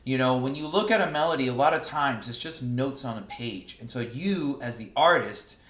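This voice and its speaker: A man teaching saxophone in a relaxed, casual way, often stumbling over and repeating his words. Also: medium pitch, moderate pace. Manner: relaxed, explains with sung examples, repeats words. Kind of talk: casual music lesson. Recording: roomy echo.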